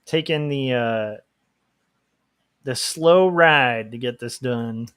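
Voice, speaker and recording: A man's voice: mid-range voice, slow pace, fairly bright tone, clean tone, no echo, clean studio sound. A man chatting casually on a livestream while drawing, rambling and laughing often. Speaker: livestream host, comic artist.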